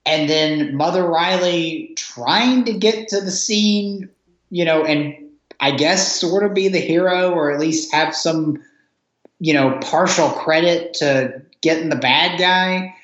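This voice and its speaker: A man's voice: a little high, slow pace, fairly bright tone. A man co-hosting a podcast, chatting casually about a film, laughing often as he retells scenes. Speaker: podcast co-host. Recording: echoey, dull lo-fi sound.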